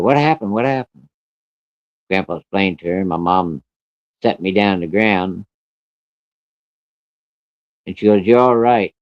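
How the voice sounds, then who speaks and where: A man with a low voice tells a personal story bluntly and plainly, swearing as he goes. The sound is dry and close, on a dull, lo-fi recording. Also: no echo. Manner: plain-spoken, blunt, cursing.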